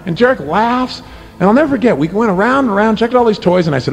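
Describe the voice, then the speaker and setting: A middle-aged man giving a motivational talk, telling personal stories with animated energy that drops to a hushed, earnest tone. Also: sits high, fast, creaky. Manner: animated storytelling, swinging from excited to hushed and earnest. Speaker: motivational speaker.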